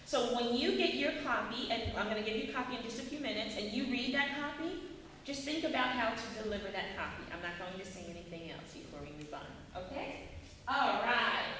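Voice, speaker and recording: A woman leading an acting workshop, animated and quizzing her class with questions, heard from afar in an echoey hall. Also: a little high, brisk. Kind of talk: classroom teaching. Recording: echoey hall, mic far off, faint noise.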